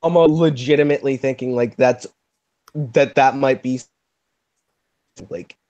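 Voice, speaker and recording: A man's voice: mid-range voice, steady tone, measured pace, mellow, no room sound. Sardonic man on a muffled voice chat. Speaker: chat participant. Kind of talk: casual group voice chat.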